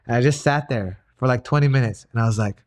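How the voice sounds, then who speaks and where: A man's voice: medium pitch, fast talker, darkish tone. Casual-talking young man, rambling. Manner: rambling, many fillers and restarts. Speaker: guest, grappling coach and personal trainer. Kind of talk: casual conversational storytelling.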